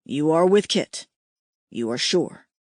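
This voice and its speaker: A woman's voice: low-pitched, lively intonation, slow, no room sound, clean studio sound, voice pushed down. A woman voicing a big, blunt alien barbarian man who speaks in short clipped lines, in an audiobook. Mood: gruff.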